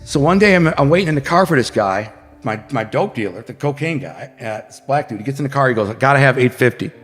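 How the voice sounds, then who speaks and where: A man's voice: medium pitch, expressive, quick pace. A man from Detroit telling a street story in a vivid, slangy way, acting out scenes with sound effects. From Detroit, United States. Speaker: podcast guest. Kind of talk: casual storytelling. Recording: long hall reverb, faint music behind.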